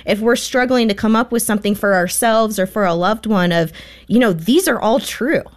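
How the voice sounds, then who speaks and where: A woman appearing as a guest author tells a story with animated energy, often leaning on "um" and "you know." Her voice sits in a mid range that is typical for a woman. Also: mid-range voice, normal speed. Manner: warm, animated storyteller with frequent fillers. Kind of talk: storytelling interview answer.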